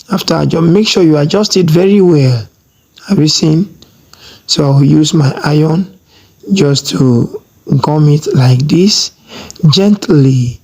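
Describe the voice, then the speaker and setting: A sewing tutor giving a slow, step-by-step tutorial, checking in with viewers again and again and stressing each technique. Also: mid-range voice, darkish tone, breathy edge. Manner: slow, repeats "have you seen?" often; instructive, emphatic on technique.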